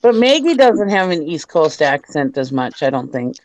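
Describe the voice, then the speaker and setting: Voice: mid-range voice, big pitch swings, moderate pace, low-quality recording. Laid-back talk host who laughs often. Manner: laughs often, easy-going. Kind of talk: casual group chat.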